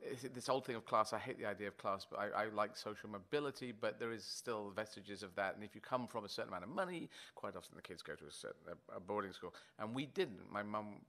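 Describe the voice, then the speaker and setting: A man, telling stories in an interview in a rambling, animated way with many restarts. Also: fairly low pitch, fast, hardly any pauses. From Britain. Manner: animated storyteller, rambling with restarts and playful language switches. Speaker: guest. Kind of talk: conversational interview.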